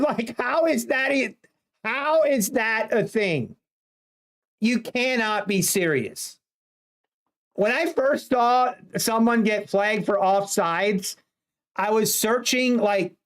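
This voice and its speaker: A woman's voice: medium pitch, takes it slowly. A woman streamer chatting casually to her viewers, ranting in mock exasperation. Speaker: livestreamer. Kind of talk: casual livestream chat.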